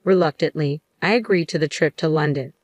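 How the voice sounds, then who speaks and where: A woman narrating a first-person story in an even, matter-of-fact scripted reading. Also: sits low, brisk, no room sound.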